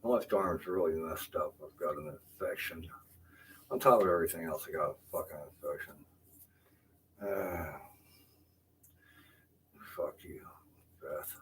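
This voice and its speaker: A frustrated older man rambles from a room in his house, swearing and then apologizing for it. His voice sits very low. He sounds distant from the microphone over steady background noise. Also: a little slow, pauses often. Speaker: vlogger. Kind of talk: rambling live-stream talk. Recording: distant, noisy home recording.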